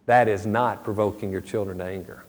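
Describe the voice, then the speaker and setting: Earnest middle-aged preacher in a reverberant hall. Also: male voice, lowish voice, steady tone, a little fast, a little mellow, a little hiss or hum. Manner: earnest, conversational preaching with storytelling asides. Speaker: pastor. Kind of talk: sermon. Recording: long reverb of a large hall.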